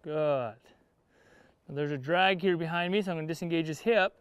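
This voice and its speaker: In a clean recording with no room sound, a man with a fairly high voice speaks at normal speed while riding. It's an instructional lesson in an outdoor arena, where he gives his horse short cues and explains the training to viewers in plain cowboy talk.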